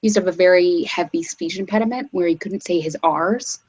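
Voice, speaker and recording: A woman in casual conversation on a stream, animated and full of "like" fillers, laughing easily. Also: fairly low pitch, a little fast, slightly rough, rough recording. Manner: animated, says "like" a lot, laughs readily. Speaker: stream guest. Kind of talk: casual chat.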